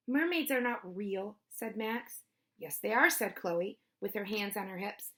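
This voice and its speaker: A woman reading a children's chapter book aloud, lively, with her pitch rising for the kids' lines and dropping for the narration tags. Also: unhurried. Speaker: storybook reader. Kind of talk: children's read-aloud with character voices.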